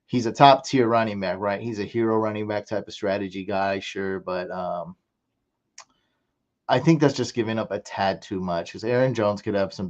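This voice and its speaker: A young man chatting casually on a live stream as he drafts, excitable and repeating himself as he reacts. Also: fairly low pitch, muffled recording. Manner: excitable, hypes his picks with loud outbursts, repeats himself.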